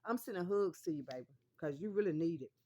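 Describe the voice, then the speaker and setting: A woman's voice: lowish voice, lively intonation, fast, mellow. A woman from the American South, talking straight to her viewers in an emphatic, repetitive monologue that keeps calling them honey. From Mississippi, US South. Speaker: vlogger.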